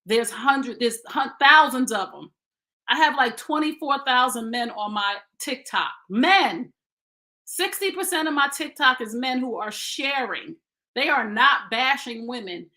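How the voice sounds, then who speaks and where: A woman's voice: high-pitched, animated, measured pace, sharp tone. A woman in her fifties giving blunt, preachy relationship advice in a casual live stream, speaking straight to her viewers. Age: 50s.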